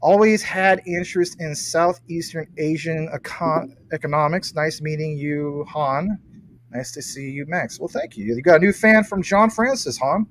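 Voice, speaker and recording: A man's voice: fairly high pitch, normal speed, a bit bright, slight background noise, low-quality recording. A man hosting a casual livestream, reading viewer comments and teasing his guest playfully. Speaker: livestream host.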